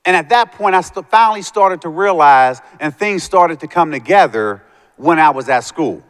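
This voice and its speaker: A man's voice: a little high, lively intonation, moderate pace, smooth. A man giving a motivational talk to students, telling his life story and acting out the voices of the people in it. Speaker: motivational speaker. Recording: long hall reverb.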